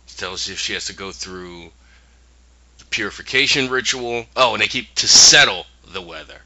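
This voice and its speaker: A man with a fairly low, very bright voice walks through a TV episode in casual talk. His pitch moves a lot as he slips in and out of character voices. The recording is dull and lo-fi. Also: moderate pace. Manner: acts out characters' lines in voices. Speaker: podcast host recapping a TV episode. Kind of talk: casual recap storytelling.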